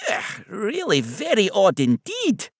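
Man doing a high, soft-spoken Scottish teddy bear, prim and wry, storybook reading, dry close sound. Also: wildly swooping pitch, takes it slowly, dry recording, exaggerated voice. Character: old male teddy bear, polite and dry.

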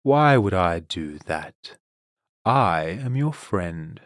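A man reading a storybook, voicing a condescending female tempter who coaxes slowly and then commands. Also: fairly low pitch, animated, darkish tone, no echo, studio quality. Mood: coaxing. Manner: slow, coaxing, then commanding. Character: scheming woman tempter, silky and condescending.

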